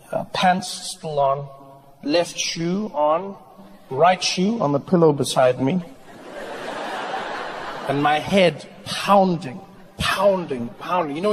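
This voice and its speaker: South African stand-up man, animated storyteller, high-pitched; live audience and faint noise behind. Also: in a large hall, rough recording. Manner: animated storytelling, jumps into characters' voices. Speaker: stand-up comedian. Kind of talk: stand-up comedy. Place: stage in a live venue with a laughing audience.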